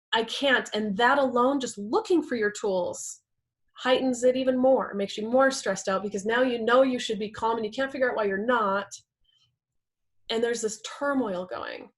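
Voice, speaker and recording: A woman teaching a talk on communication in relationships, earnest, often acting out quoted partners. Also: medium pitch. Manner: earnest, acts out quoted partners in lively voices. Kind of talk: presentation talk with slides.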